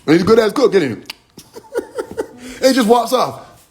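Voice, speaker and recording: A man's voice: sits high, sing-song, normal speed. A man talking casually to his followers on a livestream, telling stories with slang, acting out quotes, laughing often and speaking straight to his listeners. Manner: slangy storytelling with acted quotes.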